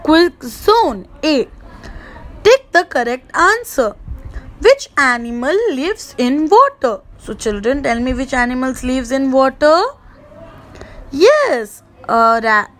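Slow, high-pitched Indian English teacher. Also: female voice, big pitch swings, a bit bright, poor audio. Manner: slow, sing-song, mimics animal sounds for kids. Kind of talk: online class for young children.

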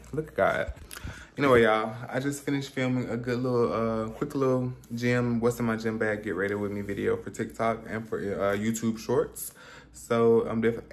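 A young man vlogging at home while sick, chatting casually and swearing, his tongue sore from a bite. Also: lowish voice. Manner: chatty, animated, swears freely, talks straight to viewers. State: sick with food poisoning, bitten sore tongue. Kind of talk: casual vlog talk to camera. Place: at home in his apartment, indoors. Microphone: camera on a tripod.

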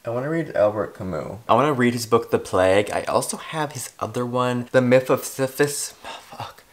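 A man's voice: medium pitch, animated, a little fast. A man vlogging in a rambling, self-deprecating casual chat, cursing freely as he goes. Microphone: clip-on or desk mic.

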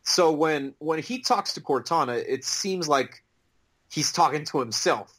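A man's voice: on the high side, lively intonation, measured pace, a bit bright. A man co-hosting a casual podcast, talking hesitantly with ums and restarts. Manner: hesitant, many ums and restarts, laughs easily. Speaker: podcast co-host. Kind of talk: casual chat.

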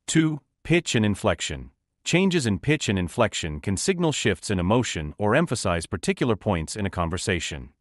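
A man reading a nonfiction audiobook as narrator, in a measured, instructive way. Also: fairly low pitch, no room sound, studio quality.

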